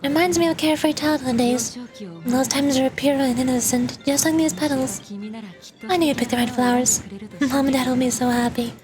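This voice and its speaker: A woman's voice: high-pitched, fairly even intonation, moderate pace. A young woman vtuber reading game dialogue aloud as she plays, with casual asides. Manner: reads all characters' lines with casual asides. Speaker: vtuber streamer. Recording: game music behind the voice.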